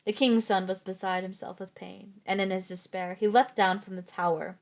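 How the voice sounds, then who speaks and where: A woman's voice: mid-range voice, steady tone, normal speed. A woman streamer reading fairy tales aloud, breaking off for joking, swearing asides and stumbling over words. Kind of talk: storybook reading with casual commentary.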